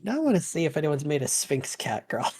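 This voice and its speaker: A woman's voice: deep voice, sing-song, a little fast, a little mellow, a little hiss or hum. A woman chatting with a teasing, joking manner and frequent laughs during a game stream. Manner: teasing, jokey, laughs often. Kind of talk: casual gaming banter. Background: game music.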